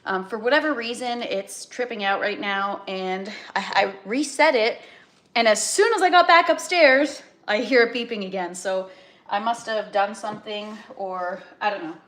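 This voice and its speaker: A woman's voice: mid-range voice, normal speed, a bit bright. A woman from Canada hosting a live cooking stream, rambling in casual chat and greeting viewers by name.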